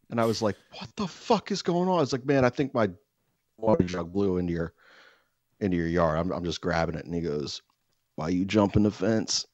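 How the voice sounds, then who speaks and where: A man telling a self-mocking comic story in casual chat, animated and swearing freely. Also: sits low, normal speed, pauses often, dry recording, highs cut off.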